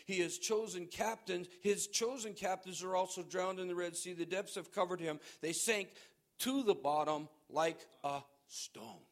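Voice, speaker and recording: High-voiced forceful male preacher. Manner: forceful, exhorting, reads scripture aloud. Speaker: pastor. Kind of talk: sermon.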